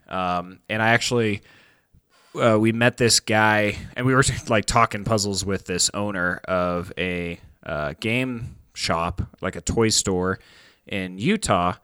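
A man hosting a podcast, talking casually and with enthusiasm, full of ums and likes. His voice is lowish and smooth. The close mic gives a dry sound with no room echo. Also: steady tone, measured pace, fairly bright tone. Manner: rambling, filler-heavy, enthusiastic. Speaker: podcast co-host.

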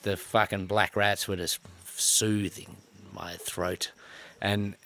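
A man's voice: on the low side, little pitch movement, slow pace, pushed and bright. An Australian man in his thirties telling a story casually, profane and self-mocking. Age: 30s.

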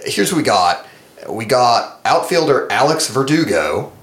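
A man's voice: mid-range voice, sing-song, measured pace, fairly bright tone. A man co-hosting a casual chat, reading comments aloud with sarcastic, mocking asides. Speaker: podcast co-host.

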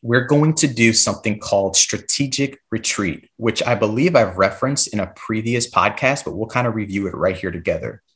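A man's voice: on the low side, normal speed, hardly any pauses, fairly bright tone. A man explaining classroom strategies on a podcast, coaching listeners and checking in with a frequent "right?". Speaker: podcast guest, classroom behavior expert.

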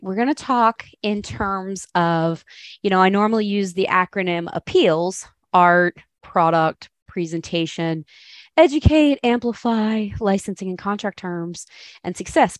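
A woman hosting a podcast, asking questions in a quick, upbeat way. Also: medium pitch, animated, no echo. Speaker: podcast host. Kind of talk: interview questions.

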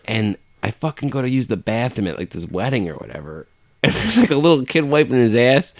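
A man in casual, crude chat with a friend, laid-back and swearing, with sudden loud bursts when a story gets going. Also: mid-range voice, very animated, a little fast, no echo, studio quality.

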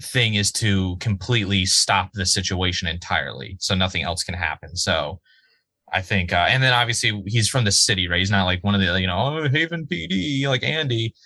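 A man's voice: low voice, brisk, dry recording. A man, casually and profanely talking through a TV episode as a podcast co-host, rambling with lots of "like"s. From Massachusetts. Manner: animated, profane, rambling with many "like"s. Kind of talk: casual chat reviewing a TV episode.

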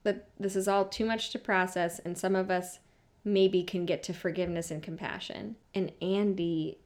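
A woman's voice: on the low side, steady tone, normal speed, a little mellow. A young adult woman co-hosting a casual podcast, recapping reality TV bluntly, swearing freely and laughing often. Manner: candid, profane, laughs often, quotes people in small voices. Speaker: podcast co-host.

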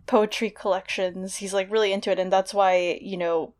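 A young woman talks through a literary analysis in a casual, thoughtful way. She explains as she goes, circling back with fillers and restarts. Her pitch sits in the middle of the range for a woman. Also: little pitch movement, moderate pace, a little mellow. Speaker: podcast co-host discussing literature.

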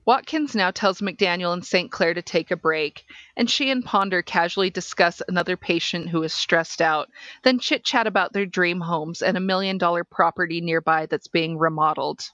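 A woman podcast host reading a case transcript aloud in a measured, deliberate way. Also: on the low side, fairly bright tone, no echo.

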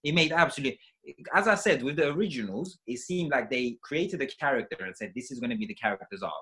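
Bright, husky-voiced man ranting. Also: medium pitch, quick pace. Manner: animated ranting, gets loud when annoyed. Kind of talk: casual chat.

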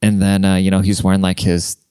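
Young man, podcast host, low smooth voice, rambling and profane, dry close sound. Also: monotone, brisk, mellow, no echo. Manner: rambling, profane, laughs often. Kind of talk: casual podcast monologue.

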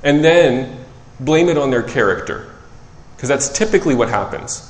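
A man preaching a sermon in a relaxed, conversational way, who often corrects himself and tells stories from his work as a child psychologist. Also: medium pitch, moderate pace. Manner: conversational, self-correcting, animated storytelling. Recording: echoey hall with long reverb.

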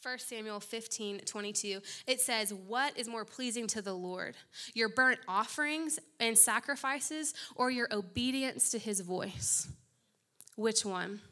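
A woman's voice: medium pitch, sharp tone. A young adult woman giving a conversational youth sermon, direct and urgent, with playful asides and mock-voiced quotes. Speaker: guest speaker. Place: room full of young people.

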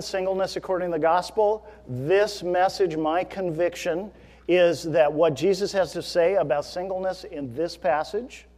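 Earnest preacher in a reverberant hall. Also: male voice, sits high, normal speed, a little mellow. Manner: earnest, emphatic preaching with fillers. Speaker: pastor. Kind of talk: sermon. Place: church sanctuary. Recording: long reverb of a large hall.

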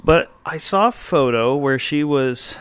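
A man's voice: fairly high pitch, expressive, a little slow, smooth, no echo. A man hosting a casual talk show from a coffee shop, rambling along with frequent fillers and wry asides. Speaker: podcast host. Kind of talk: casual conversational chat.

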